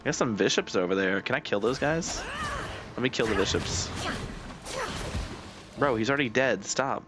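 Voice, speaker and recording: A man's voice: mid-range voice, expressive, normal speed, over music. A young man streaming a video game, chatting casually and joking with his cat. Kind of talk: casual live-stream chat.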